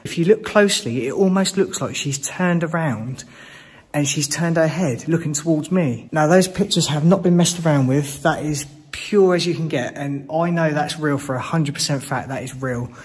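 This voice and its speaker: A man's voice: on the high side, moderate pace, breathy edge. A man exploring an abandoned hospital on his own, talking to his viewers in jumpy, nervous bursts and swearing whenever something startles him. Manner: jumpy, swearing, breathless exclamations when startled. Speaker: urban explorer. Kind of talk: nervous first-person exploration commentary. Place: large abandoned hospital, indoors.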